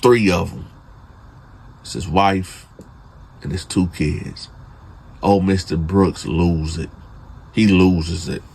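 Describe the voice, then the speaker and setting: A man's voice: deep voice, fairly even intonation, slow pace, vocal fry, long pauses, darkish tone, husky. A man telling a true prison story in casual, slangy talk, speaking straight to his listeners and building suspense. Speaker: storyteller host.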